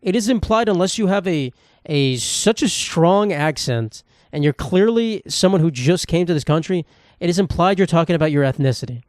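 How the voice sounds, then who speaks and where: A man's voice: a little high, animated, moderate pace, a little mellow, dry recording, clean studio sound. A young man in his twenties with a New Jersey accent, hosting a casual solo podcast, rambling and swearing as he mocks himself. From United States. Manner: rambling, profane, self-mocking. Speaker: podcast host.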